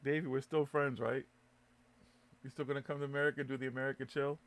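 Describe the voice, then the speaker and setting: Brief: male host of a live web radio show, gravelly mid-pitched voice, rambling, profane, restarts a lot. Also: level tone, fast talker, a bit bright. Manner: loose, swearing, laughing, stumbling restarts. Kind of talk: casual live show banter.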